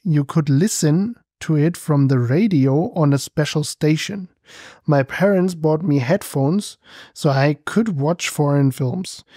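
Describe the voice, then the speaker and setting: A German man co-hosting a podcast in casual chat, calm and easygoing as he reads listener comments. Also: fairly high pitch, no room sound, clean studio sound. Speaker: podcast co-host.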